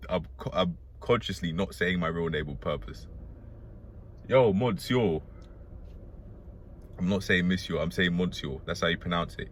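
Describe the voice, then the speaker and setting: Deep-voiced man musing aloud. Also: fairly bright tone, slightly rough. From Britain. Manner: musing, profane, talks to himself and jokes. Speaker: vlogger. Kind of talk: rambling self-talk monologue. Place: inside a parked car.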